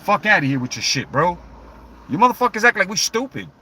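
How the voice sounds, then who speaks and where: A young adult man delivering a profane, mocking rant as wrestling commentary. His voice sits a bit high for a man and comes out tense and forceful. He talks loud and heated throughout. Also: sing-song, fairly quick, slightly rough.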